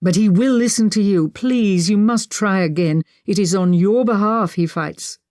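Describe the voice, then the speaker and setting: A woman's voice: medium pitch, moderate pace, darkish tone, dry recording, studio quality, lightly acted. A woman voicing a remorseful nobleman who begs and apologizes, in a period audiobook. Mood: pleading. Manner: begging, apologetic. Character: remorseful nobleman, pleading brother.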